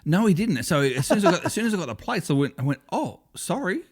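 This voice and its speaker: An Australian man talks in a relaxed, casual way on a podcast. His voice sits at an ordinary pitch for a man, and he rambles through stories, often stopping to restart a sentence. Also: racing. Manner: chatty, rambling storyteller with many restarts. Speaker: podcast co-host. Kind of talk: casual chat.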